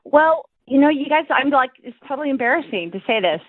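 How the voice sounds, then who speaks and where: A woman calling in to a radio show, gushing and giggly in an excited rush. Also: high voice, quick pace, dry recording. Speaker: caller. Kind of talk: excited phone call. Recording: tinny phone line.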